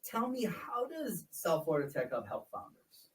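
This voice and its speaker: A man's voice: sits high, sing-song, moderate pace, recorded from a distance, low-quality recording. A man in his forties hosting a casual interview chat, telling stories with repeated words and laughing as he talks. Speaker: podcast host.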